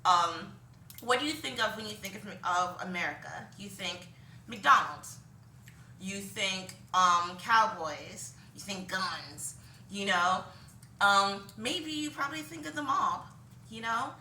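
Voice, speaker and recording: This woman speaks slowly at medium pitch, her intonation lively and her tone pushed and bright, over a little hiss or hum. In a roomy, distant-mic recording from her home, laundry visible behind her, she rambles casually through opinions, saying um a lot and laughing briefly at herself.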